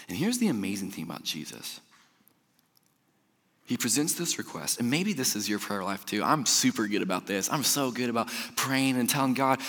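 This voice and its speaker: A young man preaching a sermon, telling stories with animated energy, then dropping to a soft, slow hush for scripture. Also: mid-range voice. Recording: long hall reverb.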